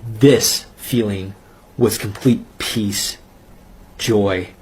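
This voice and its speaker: Earnest man with a lowish voice. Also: fairly even intonation, darkish tone, a little hiss or hum. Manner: earnest, intense storytelling with halting pauses. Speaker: testimony speaker. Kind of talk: personal faith testimony.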